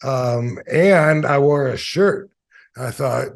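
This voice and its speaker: Man, fifties, slightly high voice, rambling storyteller, lots of ums, acts out quoted voices. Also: slow pace, creaky. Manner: rambling anecdotes with many fillers. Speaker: interview guest, former wrestler. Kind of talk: casual storytelling interview.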